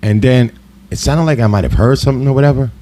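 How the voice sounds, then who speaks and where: A man's voice: medium pitch, fast talker, mellow. A middle-aged man telling a personal story in a casual, heated monologue, with frequent "you know" asides. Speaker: host.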